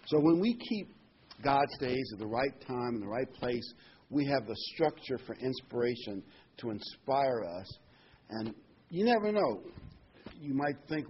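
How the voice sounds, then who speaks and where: A man delivering a sermon in a conversational way, with fillers and emphatic repetition. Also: medium pitch. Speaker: preacher. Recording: dull lo-fi sound with faint noise.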